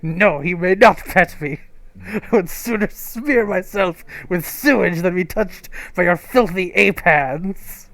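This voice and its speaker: A man doing a snobbish lady cat from a spooky story game, dripping with disdain. She draws her words out slowly and pushes them with scorn. The sound is dry and right up on the mic. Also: high voice, steady tone, no room sound, close to an everyday voice. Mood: disdainful. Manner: disdainful, drawn-out, contemptuous delivery. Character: haughty snobbish female house cat.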